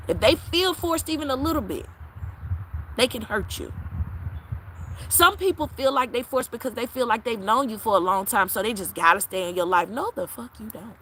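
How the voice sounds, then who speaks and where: A woman's voice: fairly high pitch, a little hiss or hum, poor audio. A woman tarot reader talking bluntly and profanely to her followers in a live-stream chat. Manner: brash, profane, preachy, with sudden loud peaks.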